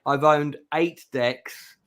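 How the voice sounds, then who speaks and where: A man's voice: a little high, steady tone, slow, a bit bright, smooth. Rambling middle-aged man on a call. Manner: rambling, hesitant, many ums. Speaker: host. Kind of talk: casual chat on a live stream. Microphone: video call.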